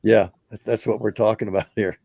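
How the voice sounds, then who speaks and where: A man hosting a talk show, chatting casually, often repeating words and pausing with ums. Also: on the low side, steady tone, creaky, warm tone, dry recording. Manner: halting, repeats words, fills pauses with um. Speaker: radio show host.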